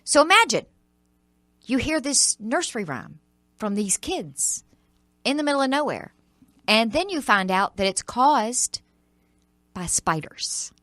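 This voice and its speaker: A woman's voice: a little high, big pitch swings, measured pace, long pauses, fairly bright tone, no echo. A woman radio host chatting about the week's odd news stories, reading quotes and riffing with her co-host. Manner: reads news quotes then riffs, laughs easily. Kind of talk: casual news chat. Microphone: studio microphone.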